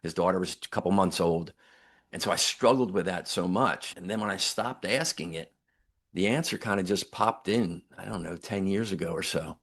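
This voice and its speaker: A man's voice: sits low, moderate pace, creaky, fairly bright tone. An older man, a guest on an interview podcast, earnestly retelling a near-death story and voicing the people in it. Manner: earnest, reflective, retells dialogue with emphatic quotes.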